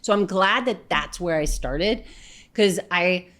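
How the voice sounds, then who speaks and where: A woman from New York, a comedian guest telling stories in a casual interview, animated and chatty with lots of fillers and asides. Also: on the low side, takes it slowly.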